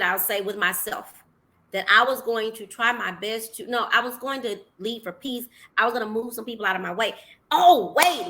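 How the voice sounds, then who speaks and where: A woman talks in a casual podcast chat, high in pitch and bright in tone. She is animated and quick to exclaim. She acts out the words she once said herself. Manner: animated, exclaiming and acting out her own words. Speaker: podcast host.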